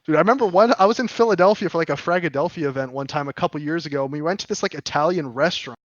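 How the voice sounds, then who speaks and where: A man telling stories on a podcast in a casual, animated, profane way, often restarting his sentences. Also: on the high side, racing, no room sound, lo-fi sound. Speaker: podcast co-host. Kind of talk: casual storytelling chat.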